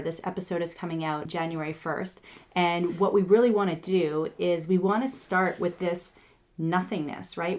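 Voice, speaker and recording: Woman, lowish voice, podcast co-host, brisk topic intro. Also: a little mellow. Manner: brisk, sets up the topic for discussion. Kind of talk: podcast talk.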